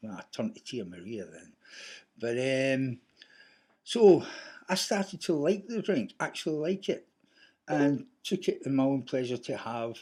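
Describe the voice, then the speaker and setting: A man's voice: medium pitch, vocal fry, a little mellow, slightly rough. A Scottish man talking casually to camera in a rambling, anecdotal way. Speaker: vlogger.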